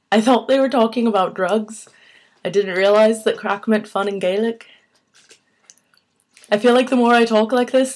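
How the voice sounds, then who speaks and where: A woman's voice: mid-range voice, natural voice. A young woman vlogger doing a self-conscious imitation Irish accent she admits is not very good. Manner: self-conscious, laughing at own attempt. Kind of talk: casual vlog chat.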